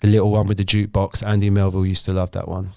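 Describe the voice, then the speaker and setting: Guy, ex-footballer, low smooth voice, dry studio sound, spins stories. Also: monotone, very fast, mellow, no room sound. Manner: storytelling, acts out voices in his anecdotes. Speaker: former footballer, guest. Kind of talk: anecdotal podcast chat.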